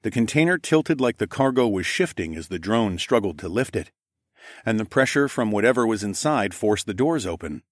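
A man narrates a first-person adventure story in a low, steady voice. He keeps an even storytelling pace, recorded close and dry. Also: moderate pace, no room sound. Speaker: audiobook narrator.

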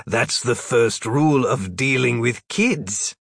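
A man voicing a prim, kindly male wizard in a storybook reading, measured and gently scolding. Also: mid-range voice, lively intonation, creaky, husky, no room sound, clean studio sound, heavily acted.

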